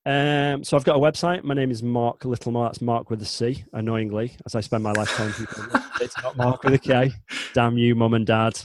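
The guest is a man in his forties from the north of England, a chatbot developer with a Northern English accent, chatting casually and rambling with frequent restarts and self-corrections. He speaks fairly quickly in a mid-range voice with fairly even intonation. A little hiss or hum is audible.

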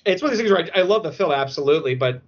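Excitable high-voiced man, husky and bright. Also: rapid-fire. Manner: excitable, emotional storyteller, many fillers. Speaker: podcast guest. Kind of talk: casual podcast chat. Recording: dull lo-fi audio.

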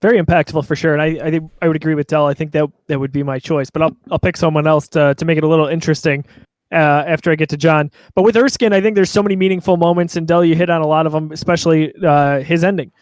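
A man hosting a casual podcast chat, speaking in a measured way as he steers the conversation. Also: on the high side, steady tone, no room sound. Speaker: podcast host.

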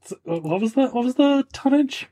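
A woman co-hosting a podcast who chimes in with dry, quick factual asides in casual chat. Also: high-pitched, lively intonation, mellow. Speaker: podcast co-host.

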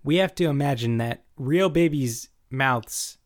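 A man hosts a casual comedy podcast, steering the talk with playful prompts. His voice is mid-pitched and recorded close and dry, with no room sound. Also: a little slow, no room sound. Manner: playful, leads the segments. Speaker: podcast host.

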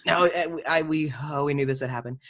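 A man hosting a casual interview, telling stories in an animated way and laughing easily, over a video call. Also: on the high side, brisk. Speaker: interview host.

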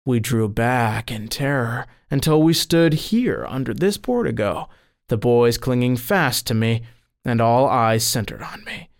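Male storyteller, middle-range voice, expressive scripted religious narration. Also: a little slow, vocal fry. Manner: expressive storytelling, lifting pitch on quoted cries. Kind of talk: scripted narration of a saint's dream.

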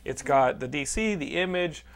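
A man's voice: fairly high pitch, lively intonation. A man hosting a podcast in casual, joking chat, often profane and teasing. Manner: joking, profane, quick to tease. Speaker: podcast host.

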